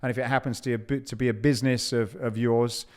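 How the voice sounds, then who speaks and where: Male podcast host, smooth voice, thoughtful monologue, stumbles and restarts. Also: mid-range voice, steady tone. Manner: halting, repeats words.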